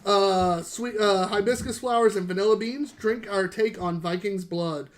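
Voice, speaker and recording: A man's voice: high voice, moderate pace. A man co-hosting a casual beer-tasting podcast, telling stories with laughs and swearing. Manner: laughing, storytelling, profane. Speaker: podcast co-host.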